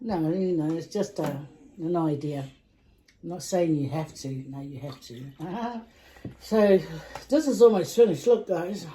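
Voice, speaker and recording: Brief: woman vlog host, casual mealtime chat, mellow tone, giggly asides. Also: on the low side, a little slow, a little hiss or hum, poor audio. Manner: chatty and giggly, trails off into soft asides. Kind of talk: casual chat while eating.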